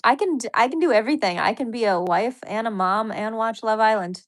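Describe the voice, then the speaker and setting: A woman's voice: fairly high pitch, brisk. A woman hosting a casual live stream, chatting loosely with viewers, reading their comments aloud and laughing often. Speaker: livestream host.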